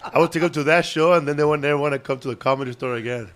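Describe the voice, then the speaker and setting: A man, a comedian guest, trading quick jokes in casual chat. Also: a little high, smooth. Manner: joking, quick punchlines. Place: comedy club room.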